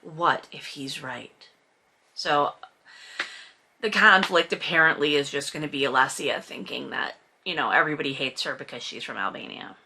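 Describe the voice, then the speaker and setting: A woman's voice: sits low, a little fast, a little hiss or hum. A woman hosting a book recap, sarcastic and exasperated, swearing often and breaking into indignant rants. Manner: bursts into loud indignant outbursts.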